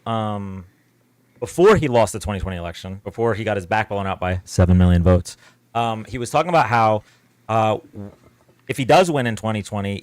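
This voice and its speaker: A man in his thirties hosting a live political debate stream, talking casually in a laid-back monotone while hoarse and losing his voice. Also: fairly low pitch, dry recording.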